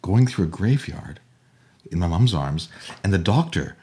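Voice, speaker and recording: An older man from Germany, a storyteller guest telling a childhood tale theatrically, acting out voices and swinging from hushed to loud. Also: low voice, lively intonation, measured pace, husky. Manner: theatrical, acts out voices, swings from whispers to shouts. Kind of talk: animated oral storytelling.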